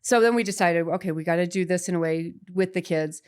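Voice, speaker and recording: A podcast guest in her forties tells a personal story in a chatty, animated style, restarting often and slipping in little "right?" checks. Her voice is on the low side, smooth, and fast.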